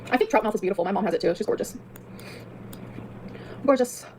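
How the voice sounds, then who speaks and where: A woman's voice: medium pitch, quick pace, a little mellow, a little hiss or hum. A woman streamer venting in a bitter, profane rant. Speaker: streamer in a played clip. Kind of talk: angry livestream rant.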